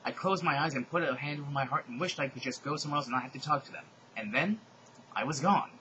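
A man's voice: mid-range voice, fast talker, bright, forceful tone, dull audio, a little hiss or hum. A man hosting a comedic reading of fan fiction, with sardonic, exasperated asides.

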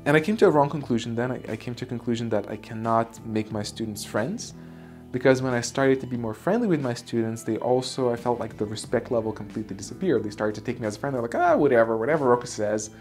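A man's voice: mid-range voice, quick pace, darkish tone, soft background music. A man, an Aikido instructor, casually telling a personal story; candid, swearing at times and restarting his sentences.

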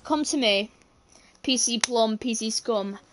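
A young British woman streaming a team game and chatting with her teammates, with sudden shouts and playful swearing. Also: fairly high pitch, unhurried, noisy background. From Britain. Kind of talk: live gameplay chat.

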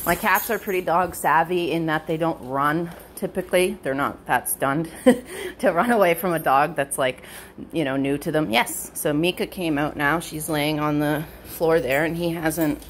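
Woman, dog trainer, casual narration, indoors at home, faint background hiss. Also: moderate pace. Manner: switches between high bright praise for the dog and low quiet explanation.

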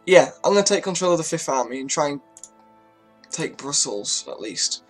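A man's voice: fairly high pitch, very animated, normal speed, soft background music. A man giving casual, chatty commentary on a strategy game, swearing freely and talking to his units as he moves them. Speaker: gaming YouTuber.

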